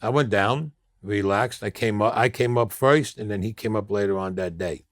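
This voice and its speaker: A man's voice: lowish voice, normal speed, dry recording, clean studio sound. An older man with a New York accent telling blunt, streetwise stories as an interview guest, often acting out the people in them. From Brooklyn, New York. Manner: blunt, streetwise storyteller who acts out quoted people. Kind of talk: storytelling interview.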